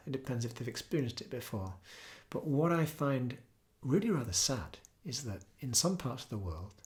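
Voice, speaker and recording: A man speaks in an earnest, unhurried way, sharing reflections and stories like a yoga teacher addressing students. His voice sits at an ordinary, middle pitch. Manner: earnest, storytelling, breaks into soft singing. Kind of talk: reflective spoken talk.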